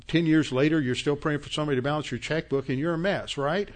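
A pastor delivers a sermon in a fairly high-pitched male voice, speaking quickly with few pauses. He cites scripture references and grows steadily more emphatic until he's angrily scolding his listeners.

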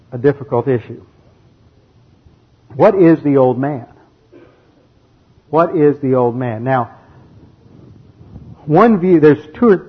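A man's voice: fairly high pitch, slightly rough. A man teaching the Bible verse by verse, methodically explaining the grammar and reading passages aloud. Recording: dull lo-fi recording.

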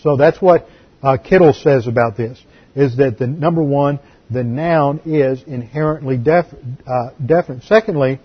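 Deliberate pastor teaching grammar. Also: male voice, medium pitch, husky, lo-fi sound. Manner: explanatory, deliberate, repeats key words. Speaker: pastor teaching a Bible class. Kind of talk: sermon-style Bible teaching.

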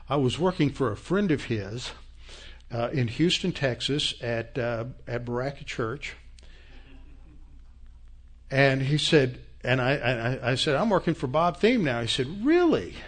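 A male pastor delivering a teaching sermon. His voice sits at an ordinary middle pitch. He explains at an unhurried pace, often pausing on fillers and restarting his phrases.

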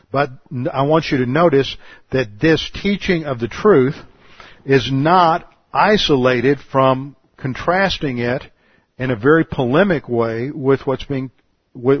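A man preaching an expository sermon, teaching in a measured, emphatic way and posing rhetorical questions. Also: mid-range voice, no room sound, lo-fi sound. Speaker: pastor.

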